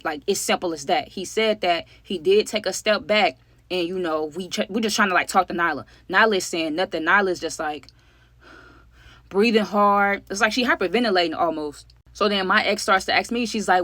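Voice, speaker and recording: A woman's voice: medium pitch, fairly quick, sharp tone, no room sound. A woman telling a story in a casual vlog, slangy and talking straight to viewers, acting out what each person said. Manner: acts out the other people's lines.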